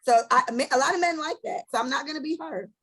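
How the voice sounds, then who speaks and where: A woman hosting a casual podcast chat, telling stories in a blunt, animated way with lots of profanity. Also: high voice, fast talker. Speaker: podcast host.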